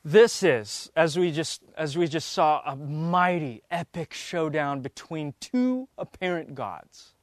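A man's voice: fairly high pitch, lively intonation, takes it slowly, hardly any pauses, dry recording. A man teaching the Bible, reading verses aloud and then stopping to explain them.

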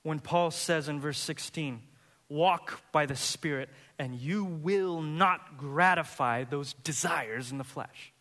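A man preaching a sermon as pastor, earnest and building to animated, high-pitched emphasis. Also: long reverb tail.

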